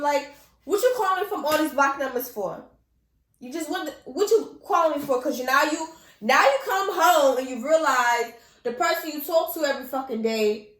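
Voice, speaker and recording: A young woman telling a personal story in casual vlog style, animated, blunt and full of slang and swearing. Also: sits high, echoey room.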